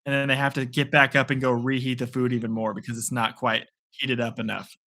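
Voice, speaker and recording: A man's voice: mid-range voice, level tone, brisk, bright, forceful tone. A man hosting a live play-by-play reaction stream, playful and rambling between calls. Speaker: sports stream host.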